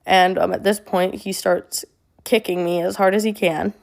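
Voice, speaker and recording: A young woman telling a personal story to camera in a flat monotone, halting and full of fillers. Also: mid-range voice, creaky. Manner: halting, with many fillers and restarts. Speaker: social media creator.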